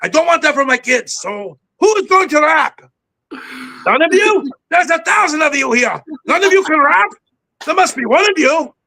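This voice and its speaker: A man's voice: extremely high pitch, expressive, normal speed, vocal fry, bright, forceful tone, pitched above the performer's own voice, full character voice. A man voicing a dramatic male cockroach general with a Cuban accent, commanding and theatrical. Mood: rallying.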